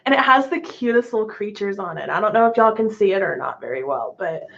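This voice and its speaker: A woman's voice: medium pitch, animated, fast, creaky, fairly bright tone, a little hiss or hum. Chatty woman on a dull lo-fi recording. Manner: chatty, laughs often, swears casually. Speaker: astrology vlogger. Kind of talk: casual chat. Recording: lo-fi dull sound.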